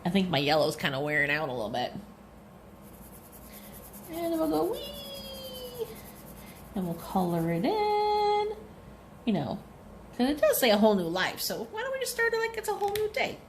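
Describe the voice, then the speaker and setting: A woman's voice: mid-range voice, huge pitch swings, fairly quick, long pauses, slight background noise. A woman, a librarian leading a cheerful craft demo at her kitchen table, talking to viewers in a sing-song way.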